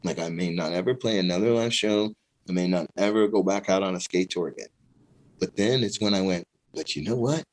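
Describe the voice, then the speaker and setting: A middle-aged man, a guest on an interview show, telling stories in a relaxed way, laughing often and acting out what others said. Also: low voice, a little fast, rough recording. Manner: animated, laughing storyteller who acts out quoted voices. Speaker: guest, pro skateboarder and musician. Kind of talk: casual interview storytelling.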